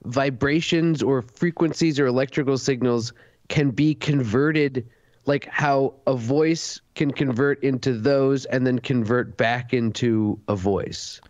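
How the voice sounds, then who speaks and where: A man's voice: medium pitch, a little slow, a little mellow, no echo. A man on a comedy podcast asking bewildered, quizzical questions in casual chat. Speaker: podcast guest. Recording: dry, muffled recording.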